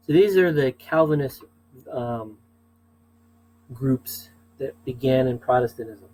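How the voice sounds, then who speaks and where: A man's voice: medium pitch, takes it slowly, pauses often, a little mellow, low-quality recording. Chatty male teacher lecturing. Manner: chatty, asides and fillers, checks in with "okay?". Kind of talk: casual classroom lecture.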